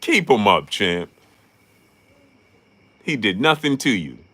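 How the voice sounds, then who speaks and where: Animated male boxing livestream host. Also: lowish voice, slow. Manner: animated, laughs often, greets chat viewers. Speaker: boxing talk show host. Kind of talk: casual livestream chat.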